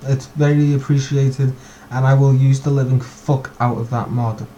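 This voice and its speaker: A male host rambles through a casual online stream and swears freely. His voice is mellow and dark. A faint noise sits behind him. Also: mid-range voice, steady tone, normal speed, lo-fi sound. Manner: profane, rambling.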